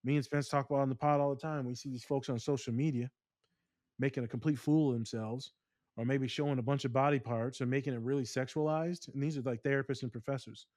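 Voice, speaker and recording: A man co-hosting a podcast, talking casually and telling stories in long, animated rants. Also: medium pitch, fast talker, no echo, studio quality. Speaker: podcast co-host.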